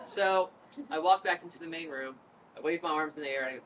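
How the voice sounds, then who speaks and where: A woman in her thirties from Northern Virginia, a politician telling a lively story at an event, acting out quotes and laughing. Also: deep voice, fast talker. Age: 30s. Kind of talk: storytelling speech. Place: event room with crowd ambience. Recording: distant mic with noise.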